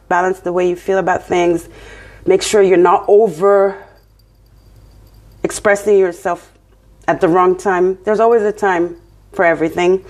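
A woman's voice: mid-range voice, darkish tone. A woman with a French accent giving a casual tarot reading, encouraging and often checking in with her listener. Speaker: tarot reader.

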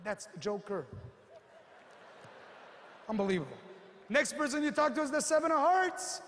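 A man giving an animated motivational seminar talk, telling stories and acting out the people in them. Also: extremely high pitch, normal speed, big-room sound, a little hiss or hum. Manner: animated storyteller, acts out quotes, punchy asides. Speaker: motivational speaker.

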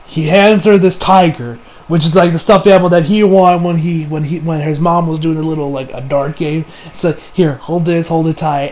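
A young man giving a rambling, excitable movie review, swearing often and acting out lines in a high voice. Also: moderate pace, hardly any pauses. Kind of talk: casual spoken movie review.

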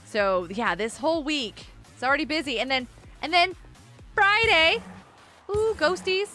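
A woman live-streaming a game in a high, bright, clear voice that jumps all over the place. She chats casually and reads messages from the chat aloud, breaking into excitable outbursts. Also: moderate pace, soft background music.

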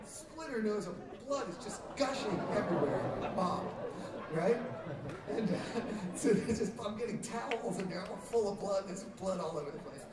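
A man's voice: sits high, lively intonation, normal speed. A middle-aged man telling a rambling story to a concert audience, laughing often, with many fillers and restarts. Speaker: musician telling stories on stage. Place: concert hall stage. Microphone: audience taper's recording from the crowd. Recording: roomy distant audience tape. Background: loud crowd.

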